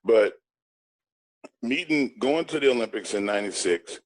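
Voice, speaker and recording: A middle-aged man tells a story in an interview, emphatic and blunt, with a boastful edge. His voice sits at an ordinary pitch. The recording is dry, with no room sound. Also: expressive, normal speed, no room sound. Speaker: guest.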